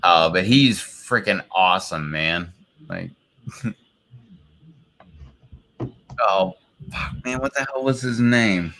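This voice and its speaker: A laid-back man chatting on a live stream, swearing and laughing easily. He speaks very slowly, and his low voice has a bright, forceful edge. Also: a little hiss or hum. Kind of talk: casual chat.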